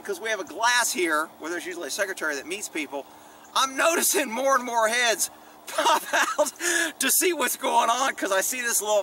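Middle-aged guy rambling thru old cop stories, cussing a lot, high bright voice, mic kinda far off w faint noise. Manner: profane, rambling, candid. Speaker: former police officer telling stories. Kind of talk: casual storytelling vlog.

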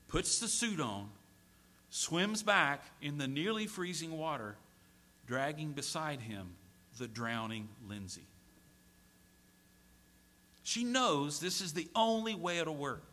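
A middle-aged man preaching a sermon as a pastor, moving from hushed storytelling to pleading shouts. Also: on the high side. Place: church sanctuary.

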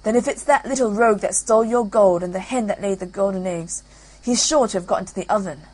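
A woman's voice: medium pitch, quick pace, darkish tone, natural voice, rough recording. A woman voicing the ogre's fussy, coaxing wife in a storybook reading.

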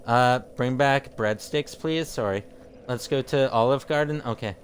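A man's voice: medium pitch, a little slow, slight background noise. A man streaming a video game, chatting casually with viewers and often tripping over his words. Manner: rambling, jokey, trips over his words. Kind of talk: casual chat with live viewers while gaming.

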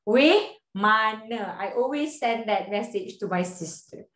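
A woman's voice: mid-range voice, lively intonation, moderate pace, a little mellow, roomy sound. A woman teacher with a Malaysian English accent, teaching an online English class in a chatty way. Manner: chatty, mixes English and Malay, laughs often.

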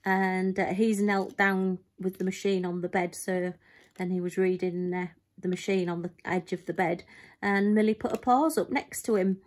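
A middle-aged woman talks casually to her viewers, rambling through a story with ums and side remarks. Her voice sits low and stays fairly even, without much rise and fall. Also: moderate pace. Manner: chatty storytelling with frequent ums and asides. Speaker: crafting channel host. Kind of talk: casual chat to camera.

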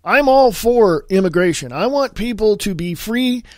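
A man's voice: sits high, animated, moderate pace, a little mellow, dry recording, studio quality. A man hosting a casual political podcast, with a stuffy nose, talking in a blunt, heated and profane way. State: stuffy nose from sinus infection and allergies. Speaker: podcast host.

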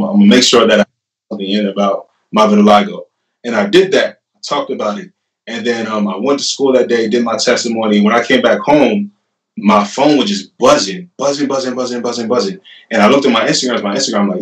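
A young man in his twenties, a guest casually telling a story and often acting out what he said and what others said. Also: lowish voice. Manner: animated, laughing retelling with lots of "I'm like". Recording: roomy and a bit distant from the mic.

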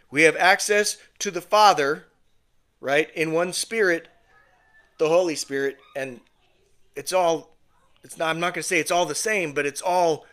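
A man's voice: on the high side, bright, forceful tone. A man leading a home Bible study in a conversational sermon style, often checking in with his listeners. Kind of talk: informal sermon teaching. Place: home fellowship gathering.

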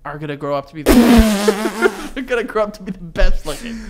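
A man's voice: high voice, lively intonation, fairly quick, very noisy. A young man co-hosting a podcast, chatting casually, swearing, teasing and acting mock-outraged. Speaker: podcast co-host. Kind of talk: casual chat.

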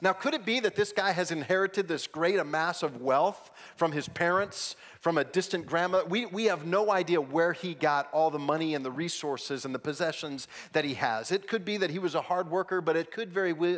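Male pastor, sermon, earnest and chatty, fairly high voice. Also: brisk, hardly any pauses. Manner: earnest, conversational preaching with repeated words and audience prompts; soft, low prayer voice.

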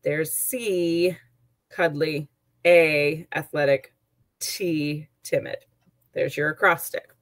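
A woman's voice: sits low, steady tone, takes it slowly, no echo. A woman teacher giving an online lesson, chatty and explaining with examples and asides.

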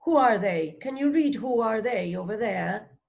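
A woman reading a phonics storybook aloud as a teacher, slowly sounding out words, asking questions and praising a child. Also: on the high side, animated, creaky, darkish tone. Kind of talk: slow read-aloud lesson for a child.

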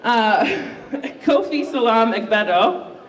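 A host running a live student pitch contest in a university library event room. The host is chatty and upbeat and pokes fun at their own slip-ups. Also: sing-song, takes it slowly, fairly bright tone, recorded from a distance. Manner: upbeat, chatty, self-mocking. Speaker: game show host. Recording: roomy, echoey room recorded from afar.

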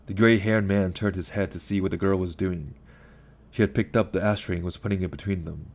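A man narrating a short story in an even, unhurried audiobook style. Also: low voice.

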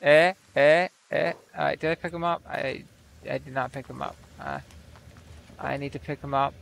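A man's voice: fairly high pitch, steady tone, moderate pace, gravelly, fairly bright tone, a little hiss or hum. A man giving casual, profane, incredulous let's play commentary over his game. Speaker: gaming video creator.

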